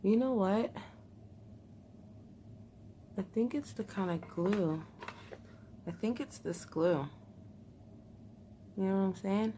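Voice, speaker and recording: A woman's voice: mid-range voice, slow, long pauses, dark tone, a little hiss or hum. A young woman chatting to her viewers while trying something new at home, nervous, laughing often and talking straight to the camera. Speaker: vlogger. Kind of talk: casual beauty vlog chat.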